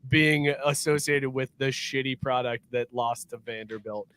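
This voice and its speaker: A man co-hosting a sports podcast, telling stories in a casual, animated way, swearing freely and laughing often. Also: mid-range voice, moderate pace, clear, resonant tone. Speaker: podcast co-host. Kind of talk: casual chat.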